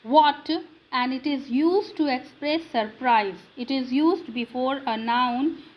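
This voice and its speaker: A woman's voice: high voice, slow, poor audio. A woman teaching a grammar lesson, drilling students with questions and answers in non-native English.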